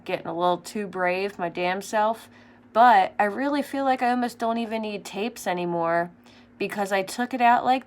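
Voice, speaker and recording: A young woman chatting casually through a makeup tutorial, rambling with lots of fillers. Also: medium pitch. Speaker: makeup vlogger.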